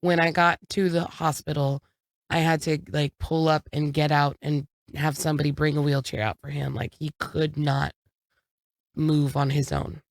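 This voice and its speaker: A woman's voice: low voice, little pitch movement, moderate pace, no echo, clean studio sound. A woman in her thirties co-hosting a podcast, telling a family story in a frank, casual way and swearing now and then. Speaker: podcast co-host. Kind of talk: casual chat.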